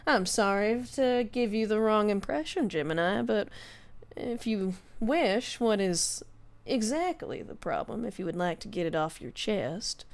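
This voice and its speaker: A woman's voice: medium pitch, expressive, a little slow. A woman voicing a sly, charming male fey stranger in a tabletop game, with a teasing manner. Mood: coaxing. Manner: silky, teasing, calls people darling. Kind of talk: tabletop game role-play.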